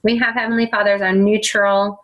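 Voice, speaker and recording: A woman's voice: mid-range voice, level tone, fairly quick, fairly bright tone, lo-fi sound. A middle-aged woman teaching a faith-based self-help talk, acting out quoted voices as she goes. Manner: acts out quoted voices and whiny children.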